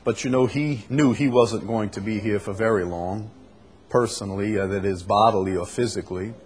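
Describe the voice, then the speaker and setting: A man preaching a sermon in a conversational way, reading scripture aloud and explaining it, often clearing his throat. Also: fairly low pitch, normal speed, darkish tone. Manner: conversational, with fillers and restarts, reads scripture aloud.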